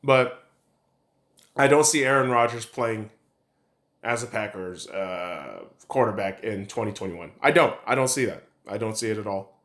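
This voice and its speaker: A man's voice: lowish voice, lively intonation, normal speed, a bit bright. A man hosting a podcast, giving a casual sports opinion rant in a blunt, profane and rambling way. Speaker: podcast host.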